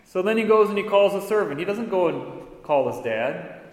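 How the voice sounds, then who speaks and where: A priest delivers a sermon in an earnest, storytelling way, now and then dropping in a wry aside. His voice sits a little high for a man. It rings out through a large, echoing church with a long reverb tail. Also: expressive, normal speed. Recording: echoey hall with long reverb.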